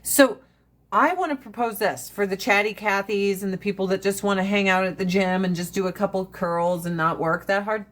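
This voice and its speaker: A woman's voice: medium pitch, moderate pace, a bit bright. A woman hosting a casual livestream chat, blunt and profane, rambling from one rant to the next. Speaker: livestream host.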